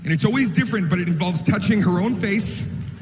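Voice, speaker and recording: Loud animated stand-up comic in an echoey hall. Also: male voice, high voice, a little fast. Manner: loud, animated, shouting punchlines. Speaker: stand-up comedian. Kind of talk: stand-up comedy routine. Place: large comedy venue on stage. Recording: live stand-up clip, echoey hall, audience noise.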